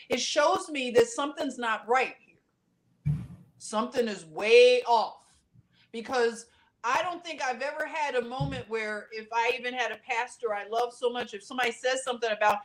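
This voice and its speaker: Chatty woman co-host, somewhat high voice. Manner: animated storytelling, acting out other people's reactions. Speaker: podcast co-host. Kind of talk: casual conversational podcast chat.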